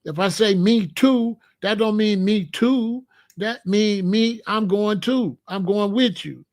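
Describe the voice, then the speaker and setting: A man's voice: sits high, takes it slowly. A man hosting a livestream, lecturing viewers in chat in a preachy, repetitive way. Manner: preachy, lecturing, repeats phrases. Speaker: host.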